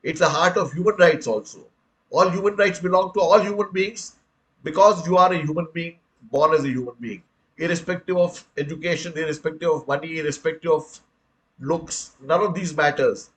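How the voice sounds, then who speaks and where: An older Indian man with a slightly high voice gives an earnest public lecture. He stresses key points emphatically and addresses his listeners as friends, in an Indian English accent. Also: moderate pace, fairly bright tone, low-quality recording. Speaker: speaker on the right to information, retired commissioner.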